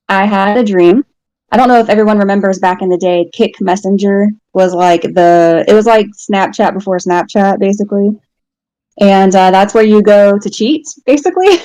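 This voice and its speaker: A woman sits as a guest and tells a personal story in a frank, casual way, chuckling at herself along the way. Her voice is mellow and warm. The recording is dry, with no room sound. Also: mid-range voice, dry recording, low-quality recording. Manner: candid, storytelling, laughs at herself.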